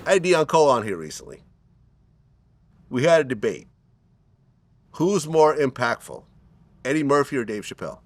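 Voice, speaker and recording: A man host questioning his guest conversationally, his pitch moving up and down a lot. The sound is dry and close to the microphone. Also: big pitch swings, moderate pace, pauses often, no echo. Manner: conversational, asks probing questions. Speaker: interview host. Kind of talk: casual interview chat.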